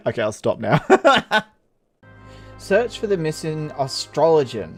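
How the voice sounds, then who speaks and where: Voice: medium pitch, sing-song, slow pace, long pauses, faint music behind. A game player giving goofy, giggly, rambling casual commentary while playing an online role-playing game. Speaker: let's play gamer.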